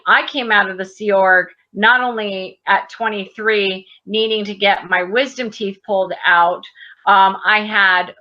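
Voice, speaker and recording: A woman's voice: mid-range voice, sharp tone, lo-fi sound. A woman in her thirties telling a personal story in casual conversation, animatedly acting out the dialogue. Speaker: guest.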